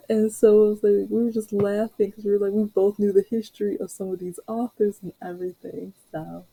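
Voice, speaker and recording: A woman's voice: mid-range voice, steady tone, moderate pace, gravelly, few pauses, warm tone, husky, poor audio. A young adult woman hosting a podcast, chatting casually and rambling through a personal story with frequent laughs. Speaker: podcast host.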